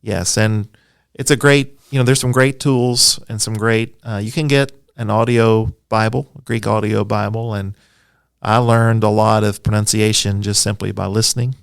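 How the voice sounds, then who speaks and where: Low, smooth-voiced man explaining eagerly. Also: fairly even intonation, normal speed, dry recording, studio quality. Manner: enthusiastic, explanatory, self-deprecating. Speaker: Bible scholar guest. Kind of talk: conversational podcast interview.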